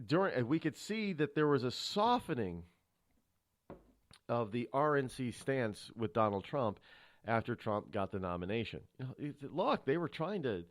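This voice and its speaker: A man hosting a radio talk show, rambling through a solo monologue of political commentary with many restarts. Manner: rambling, restarts often, animated pitch swings. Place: radio studio.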